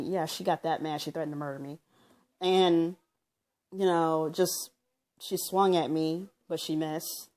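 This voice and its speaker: A woman's voice: deep voice, steady tone, measured pace, a little mellow. A woman at home recounting her own story in a casual vlog, rambling with lots of fillers and acting out what people said. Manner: rambling, with many fillers like um and you know; loosely reenacts what people said as she tells it.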